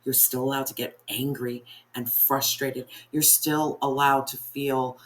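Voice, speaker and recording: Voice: medium pitch, flat delivery, measured pace, a bit bright, a little hiss or hum. A tarot reader giving a spiritual reading in an earnest, encouraging way, speaking straight to the viewer and often repeating phrases for emphasis.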